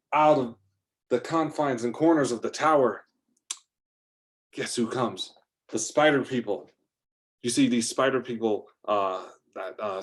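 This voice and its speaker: A man narrating an improvised adventure story, rambling along with fillers and restarts. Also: medium pitch.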